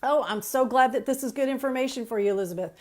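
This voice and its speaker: A woman's voice: high voice, fast. A woman coaching counselors on a live stream, chatty and emphatic, repeating key points and greeting viewers as she goes. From Texas. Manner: energetic, chatty, greets viewers mid-talk. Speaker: counseling trainer.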